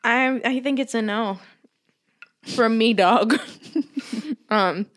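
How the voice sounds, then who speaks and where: A woman's voice: on the high side, slow pace. A woman co-hosting a podcast, chatting casually, rambling, laughing often and swearing freely. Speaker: podcast co-host. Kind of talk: casual chat.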